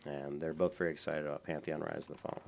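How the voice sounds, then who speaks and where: A man's voice: rumbling low, level tone, fast talker, creaky. A man giving casual, rambling commentary while playing an online game, with many fillers. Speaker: gaming YouTuber.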